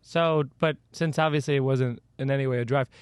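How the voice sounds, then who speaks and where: A man's voice: medium pitch, fairly even intonation, fairly quick, clean tone, dry recording, clean studio sound. A man in casual podcast chat, asking wry questions and joking.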